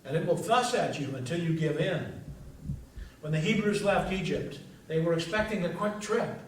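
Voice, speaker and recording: Pastor with a fairly high voice, storytelling sermon, dramatic pauses, recorded from far back in a very echoey sanctuary. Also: male voice, slight background noise. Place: church sanctuary. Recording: echoey church from a distance.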